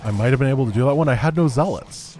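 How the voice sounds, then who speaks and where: A man's voice: mid-range voice, rapid-fire, warm tone. A man streaming a strategy game, talking through his plans and breaking into frustrated outbursts when things go wrong. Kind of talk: live gameplay commentary.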